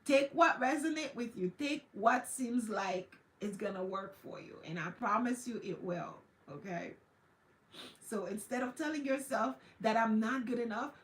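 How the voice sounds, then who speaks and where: A woman with a high voice gives an encouraging motivational talk on a livestream. She repeats her points and acts out quoted self-talk. Her voice rings with a roomy echo. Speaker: wellness livestream host. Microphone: streaming setup.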